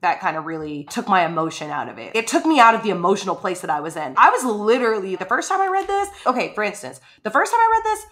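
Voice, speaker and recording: Woman, podcast co-host, chatty book talk, bright clear tone, acts out quotes. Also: mid-range voice, big pitch swings, fast, hardly any pauses. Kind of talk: casual book discussion.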